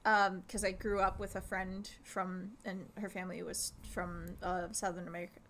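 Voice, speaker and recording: A woman's voice: fairly low pitch, little pitch movement, normal speed, fairly bright tone, slight background noise. A woman co-hosting a gaming video, telling a rambling story at home with lots of laughs and filler words. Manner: chatty storyteller, laughs often, trails off with ums. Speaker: co-host playing a video game. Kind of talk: casual gameplay chat.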